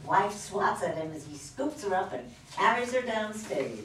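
A woman's voice: medium pitch, very animated, moderate pace, slight background noise. A woman reading the stage directions aloud in a matter-of-fact way at a stage reading. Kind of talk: reader's theater stage reading. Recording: echoey hall from far off.

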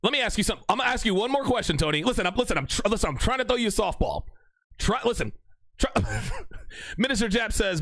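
Animated, gravelly-voiced man reading chat live. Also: high-pitched, quick pace, dry recording. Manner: animated, laughing, mock courtroom banter. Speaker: livestream host reading chat. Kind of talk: casual livestream chat.

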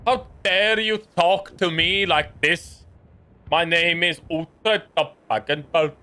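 A man doing a mocking impression of a pompous medieval warlord, talking slowly and haughtily. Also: a little high, sharp tone, a little hiss or hum. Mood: haughty. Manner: slow, drawn-out, haughty delivery. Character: pompous medieval male warlord claiming his kingdom.

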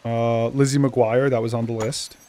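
A young man with a Boston accent, rambling casually as he hosts a game let's play and bursting into excitement now and then. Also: medium pitch, normal speed, a little hiss or hum. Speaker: gaming channel host.

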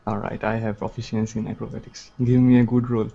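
A man's voice: lowish voice, flat delivery, quick pace, creaky, lo-fi sound, background noise. A man playing in a tabletop game, eagerly thinking aloud as he plans his character's moves. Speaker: player. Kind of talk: casual game talk.

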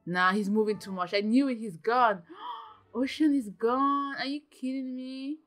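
A young woman giving casual, excitable commentary while playing a video game, gasping and exclaiming often. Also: a little high, a little slow, faint music behind. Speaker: gaming channel host.

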